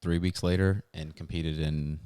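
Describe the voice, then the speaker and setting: A man's voice: extremely low pitch, little pitch movement, normal speed, dark tone, clear, resonant tone, no room sound. A man hosting a casual podcast in a studio, welcoming and upbeat. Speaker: podcast host.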